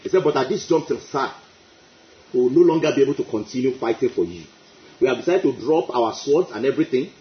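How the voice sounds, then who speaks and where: Male preacher, high animated voice, emphatic repeats, echoey lo-fi recording. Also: quick pace. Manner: emphatic, repeats phrases, exclaims praise. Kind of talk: sermon. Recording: echoey, dull lo-fi.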